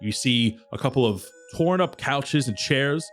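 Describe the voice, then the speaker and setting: A man running a tabletop game as dungeon master, with an ordinary mid-pitched voice. He describes each scene at a steady pace over faint background music. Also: unhurried.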